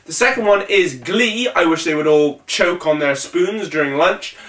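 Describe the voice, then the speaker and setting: Energetic high-voiced man hosting a vlog. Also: moderate pace. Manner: energetic, sarcastic, jumpy delivery. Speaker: vlog host. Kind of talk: comedic web show hosting. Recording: echoey room.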